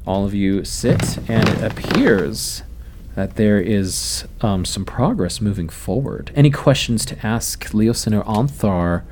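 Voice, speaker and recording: A man running a tabletop role-playing podcast as game master, narrating in a relaxed, rambling way with many fillers. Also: on the low side, unhurried, slight background noise.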